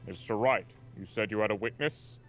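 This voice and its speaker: A man's voice: on the low side, brisk, fairly bright tone, pitched below the performer's own voice, close to an everyday voice. A fussy, easily swayed old judge, as a man does the voice for a game playthrough. He speaks with dithering formality, and faint music sits under the voice. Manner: mild, dithering courtroom formality. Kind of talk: voiced game dialogue read-along.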